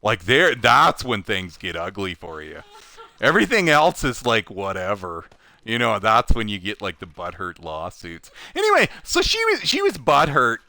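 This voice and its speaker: Man, casual storytelling, animated, lots of "like", bright voice, dry close sound. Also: on the low side, moderate pace, no echo. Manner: animated, full of "like", laughs while telling. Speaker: recycling plant worker telling a story.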